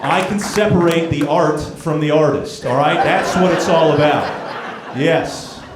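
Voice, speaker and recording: A man's voice: a little high, measured pace. A man performing a brash stand-up comedy set with confrontational crowd work on a comedy club stage. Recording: echoey club with crowd noise.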